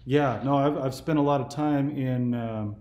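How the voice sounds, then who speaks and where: A man in his forties, originally from California, chats in a loose, meandering way as the host of a casual call. His voice sits in a middle pitch. The recording has a noticeable room echo around it. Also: a little slow, darkish tone. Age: 40s. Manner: easygoing, meandering talk. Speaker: YouTube host. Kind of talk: casual phone conversation.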